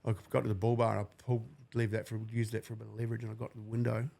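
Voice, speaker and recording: A New Zealand man in his forties, appearing as a podcast guest, recounts a painful personal story bluntly and with heavy swearing. His voice is on the low side, gravelly and mellow, level in tone but racing.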